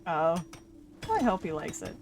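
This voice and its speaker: A woman's voice: fairly low pitch, wildly swooping pitch, moderate pace. A woman streaming a game live, chatting casually with a friend and laughing often. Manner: laughs often, playful teasing. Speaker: Twitch streamer. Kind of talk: casual gaming stream chat.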